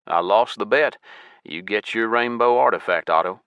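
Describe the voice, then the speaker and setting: A man's voice: fairly low pitch, moderate pace, fairly bright tone, smooth, no room sound. A man voicing a cheerful, good-humoured male clan leader in an audiobook. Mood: amused.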